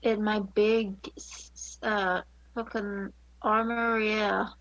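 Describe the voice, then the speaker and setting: A woman's voice: mid-range voice, little pitch movement, slow pace, fairly bright tone, dry recording, poor audio. A woman playing a tabletop game, speaking in a hesitant, wry way. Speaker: player. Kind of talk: tabletop role-play.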